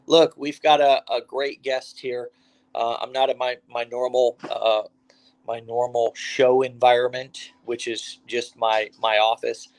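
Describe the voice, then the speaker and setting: A man's voice: mid-range voice, a little slow. A man from the United States hosting an online interview over the phone, upbeat and chatty with lots of fillers and restarts. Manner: energetic, hype opening, many fillers and restarts. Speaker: host.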